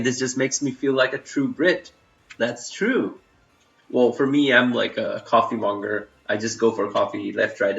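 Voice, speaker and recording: A young man with an Indian accent chats casually on a live stream, rambling through fillers and restarting his sentences. His voice sits at a middling pitch. The sound is roomy and a little dull. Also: gravelly, fairly bright tone. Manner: chatty, loose, full of fillers and restarts, reads chat aloud. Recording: roomy, slightly dull home stream audio.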